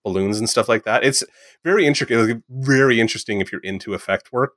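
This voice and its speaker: A man chatting casually about a movie, rambling with lots of fillers and animated retellings. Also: mid-range voice, fast talker, no echo, studio quality.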